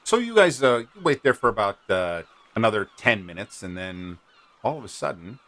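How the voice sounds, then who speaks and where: A man's voice: fairly low pitch, very animated, normal speed, a bit bright. A man narrating as game master in a rambling, hesitant way with many fillers.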